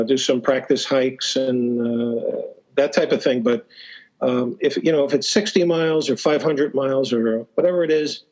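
On this casual storytelling podcast interview, the male guest hesitates, restarts and uses plenty of fillers, laughing softly now and then. His voice sits in the middle range and has a slightly mellow quality. The high frequencies are cut off.

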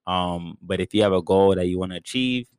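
A man's voice: deep voice, brisk, clean tone, dry recording, studio quality. A young man in a casual group chat, upbeat and encouraging, with slangy talk. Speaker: podcast co-host.

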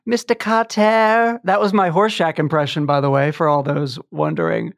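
A man's voice: a little high, brisk, creaky, no echo, clean studio sound. A man in his fifties hosting a podcast, bantering playfully in casual chat. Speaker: podcast host.

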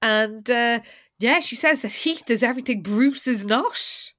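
A woman's voice: a little high, measured pace, fairly bright tone, no echo. Woman podcast co-host, casual recap, wry and sighing, dry close sound.

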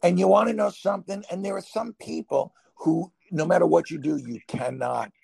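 A man with a Brooklyn accent talks in a casual, rambling podcast chat, often laughing and pushing his voice up when he gets excited. His voice is gravelly and husky. The sound is dry and close. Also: high-pitched, normal speed, no echo. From New York. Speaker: podcast co-host.

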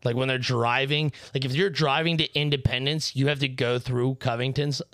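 A man's voice: mid-range voice, steady tone, moderate pace, a bit bright, no echo. Laid-back man, dry sound. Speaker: podcast co-host. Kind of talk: casual chat.

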